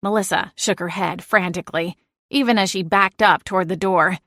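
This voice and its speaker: Expressive woman narrating an audiobook. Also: mid-range voice, moderate pace, dry recording. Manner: lively, expressive. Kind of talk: first-person audiobook narration.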